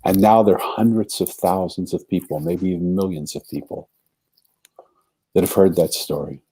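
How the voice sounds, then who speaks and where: Low husky man telling a story. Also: moderate pace, warm tone. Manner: earnest storyteller acting out quoted voices. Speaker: podcast guest. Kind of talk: storytelling in a conversation.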